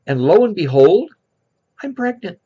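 A man voicing a chatty pregnant woman at a bar in a high, sing-song falsetto, with a gravelly edge, on a lo-fi recording. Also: big pitch swings, a little slow, warm tone, heavily acted. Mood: delighted. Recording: lo-fi dull recording.

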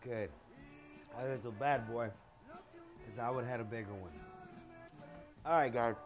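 A man's voice: medium pitch, a little slow, over music. A middle-aged man, hosting a casual home cooking show in his kitchen, chatty and boastful, dropping phrases as he goes.

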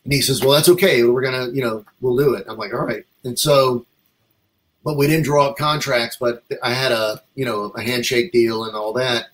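A man's voice: mid-range voice, normal speed, rough recording. Guy rambling through a story in a chat, does little voices for the people he quotes. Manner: rambling, animated, acts out quoted dialogue. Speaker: comic artist guest. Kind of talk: casual interview storytelling.

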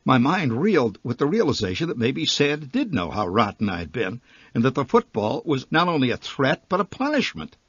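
A man's voice: medium pitch, very animated, fairly quick, slightly rough, dry recording, lo-fi sound. A man reading his own humorous short story aloud, wry and vivid in his comic storytelling.

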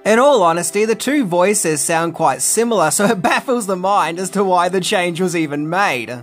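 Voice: medium pitch, normal speed, soft background music. A video essay narrator giving casual film commentary with wry, conversational asides.

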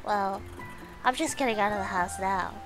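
A woman voicing a shy, unsure young bird hiker, with a gravelly, mumbling delivery. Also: medium pitch, normal speed, natural voice, low-quality recording. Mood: hesitant. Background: game music.

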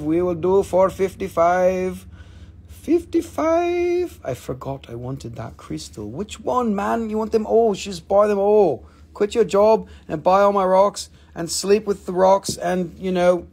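A man with a high, husky voice runs a live crystal sale. He talks in a playful, joking way, gets excited over each stone, and slips into broken-English sales patter. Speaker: host selling crystals on a live stream. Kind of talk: casual live sales chat.

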